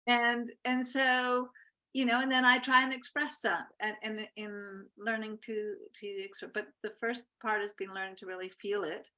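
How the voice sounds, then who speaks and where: A woman love coach talking in a gentle, reflective, encouraging way in a casual chat. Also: medium pitch, flat delivery, normal speed.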